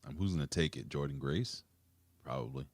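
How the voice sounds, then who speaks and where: A man's voice: rumbling low, brisk, no echo. A man co-hosting a wrestling review podcast, bantering bluntly with plenty of profanity. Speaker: wrestling show co-host. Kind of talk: casual podcast chat.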